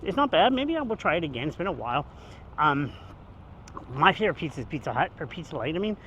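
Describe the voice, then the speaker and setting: A fairly high-voiced vlogger strolls down the street talking into his phone, his pitch swinging widely and his pace quick, with a somewhat bright tone. Rambling and joking, he sounds a little out of breath. The recording is muffled, with traffic humming faintly in the background.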